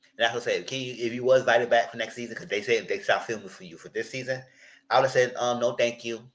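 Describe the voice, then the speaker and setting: A man in a live chat recapping a reality TV show, talking in an animated, outspoken way with lots of slang. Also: medium pitch, fast, poor audio. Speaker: reality TV commentator.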